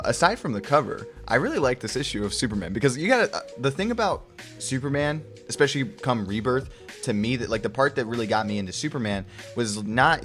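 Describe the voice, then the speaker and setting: Rambling, profane young man, lowish voice. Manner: rambling, profane, jokey, acts out characters in quick put-on voices. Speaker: comic book reviewer. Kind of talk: casual solo review.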